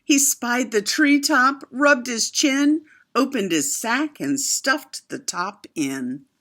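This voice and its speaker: A woman reading a children's picture book aloud, expressive, with chatty asides to her young listeners. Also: a little high, takes it slowly. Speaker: storyteller.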